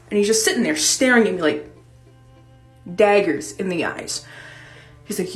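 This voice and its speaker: A young woman tells a personal story in a loose, animated, chatty way, swearing freely. Her voice sits at an ordinary pitch and echoes in a roomy space with faint music behind. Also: a little fast. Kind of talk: casual storytime.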